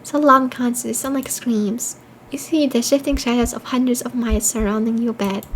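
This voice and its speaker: High-pitched woman streamer reading game text aloud between swearing reactions, faint noise behind. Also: fairly even intonation, moderate pace, low-quality recording. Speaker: streamer playing a horror game.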